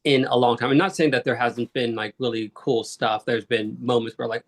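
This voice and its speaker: A man's voice: medium pitch, fairly even intonation, moderate pace, hardly any pauses. A man guesting on a casual comics chat, rambling and saying "like" a lot.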